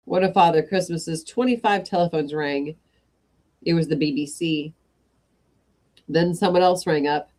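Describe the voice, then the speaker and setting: A woman's voice: deep voice, measured pace, long pauses, darkish tone. A woman hosting a live evening story reading who chats with her viewers between passages and breaks in with apologetic asides. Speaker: host of an evening reading stream. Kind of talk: reading stories aloud to a live chat.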